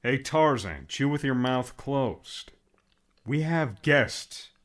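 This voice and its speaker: A man's voice: fairly low pitch, very animated, moderate pace, pitched above the performer's own voice. A man voicing a patient, fussy friend who explains things and mildly scolds. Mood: scolding.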